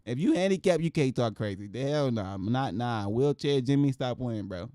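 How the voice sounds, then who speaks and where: A man's voice: medium pitch, animated, normal speed, dark tone, dry recording, studio quality. A man hosting a casual show where he reacts to news clips, with profane, joking rants. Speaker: show host.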